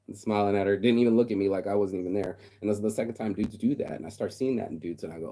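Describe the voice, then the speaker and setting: A man's voice: lowish voice, racing, hardly any pauses, dark tone. A middle-aged man in a casual, profane vlog rant, blunt and mocking, often mimicking other people in quotes. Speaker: vlogger. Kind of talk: casual ranting monologue.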